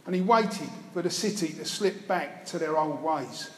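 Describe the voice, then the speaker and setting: A man's voice: a little high, normal speed. A man preaching a sermon, retelling a Bible story with wry storytelling asides. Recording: echoey hall, faint room noise.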